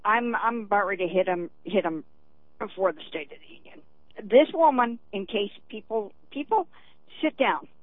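A woman's voice: medium pitch, lively intonation, normal speed, no echo. A woman calling into a radio show, speaking emphatically with hesitant ums. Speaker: caller. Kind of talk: phone-in call. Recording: tinny phone line.

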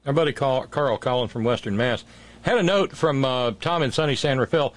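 A male talk radio host with an easygoing, wry delivery. He moves between the callers, listener notes and thank-yous in a relaxed, conversational way. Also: medium pitch, brisk.

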